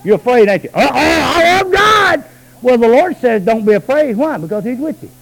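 A man preaching a sermon, moving between low, quick asides and high, drawn-out shouted calls. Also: expressive, poor audio.

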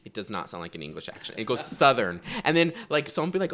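A man talks as a podcast guest, his voice bright and edged with a little tension. His pitch swings widely as he rambles, stacking fillers and restarts. He pokes fun at himself between stories. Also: sing-song, fast talker. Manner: rambling, filler-heavy, self-deprecating. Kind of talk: casual chat.

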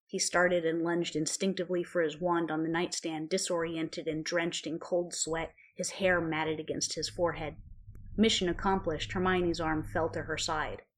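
Woman reading a story aloud, lowish voice, calm and measured. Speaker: narrator. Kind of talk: storybook narration of fan fiction.

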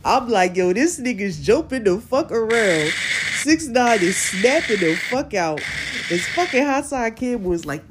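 A woman's voice: a little high, sing-song, a little slow, heavy background noise. A woman hosting a podcast in casual chat, recapping an interview in slangy talk and often checking in with her listeners. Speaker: podcast host.

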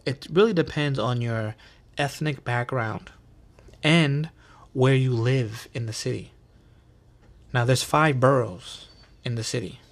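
Thirties New Yorker host, chatty and profane, casual storytelling with a New York accent, man. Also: medium pitch. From New York City, USA. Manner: chatty, profane, bro slang. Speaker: podcast host.

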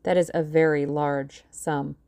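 A woman voicing a shrewd older male lawyer who speaks in a calm, dry, authoritative way. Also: low-pitched, a little slow, dry recording. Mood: measured.

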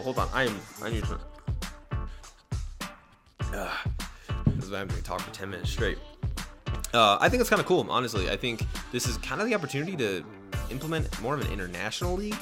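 A young man hosting a solo sports podcast, rambling, correcting himself often and jumping up in pitch when excited. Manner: rambling, self-correcting, animated with pitch jumps.

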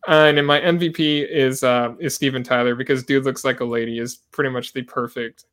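A man's voice: medium pitch, fairly even intonation, a little fast, fairly bright tone, smooth. A man on a podcast panel, chatting casually with many fillers and laughs. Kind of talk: casual chat.

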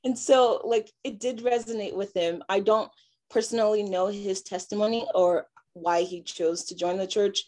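A young woman from Nigeria, giving a halting personal testimony full of fillers and restarts. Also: medium pitch, steady tone, a little mellow. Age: young adult. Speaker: interviewee.

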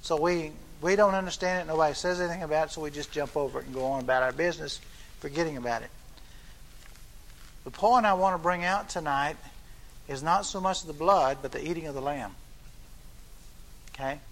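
A man's voice: fairly high pitch, a little fast, a bit bright. An older man preaching a sermon, reading scripture aloud and then explaining it in plain talk with frequent restarts.

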